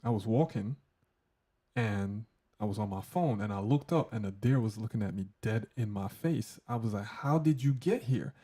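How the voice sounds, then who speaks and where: A man's voice: on the low side, normal speed, dark tone. A man hosting a casual hands-on audio tutorial, joking loosely and talking through settings as he tests them. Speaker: tech tutorial host.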